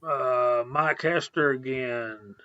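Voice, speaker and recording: A man's voice: mid-range voice, takes it slowly, bright, forceful tone, dry recording, dull audio. A man hosting a casual live stream, laid-back, reading out viewers' names one after another.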